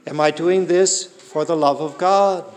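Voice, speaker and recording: A man's voice: a little high, a little slow, big-room sound. A man preaching a sermon in an earnest way, asking the listeners rhetorical questions.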